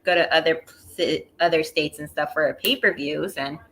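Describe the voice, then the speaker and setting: A woman's voice: sits low, normal speed, fairly bright tone, slight background noise. A woman co-hosting a casual wrestling review stream, adding dry, wry asides and wordplay. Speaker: wrestling review show co-host. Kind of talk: casual live-stream chat.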